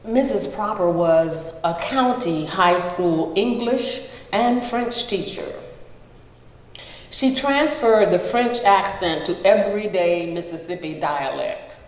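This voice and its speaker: A storyteller giving a live reading of a personal memoir in a slow, measured way, pausing between phrases. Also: mid-range voice. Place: event hall at a live gathering. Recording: roomy hall with long reverb.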